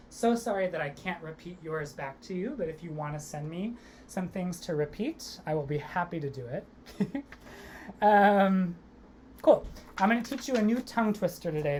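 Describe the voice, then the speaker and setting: A young woman teaching an online theatre workshop, leading vocal and body warm-ups with upbeat encouragement. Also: fairly low pitch, slight background noise. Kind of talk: online acting workshop instruction.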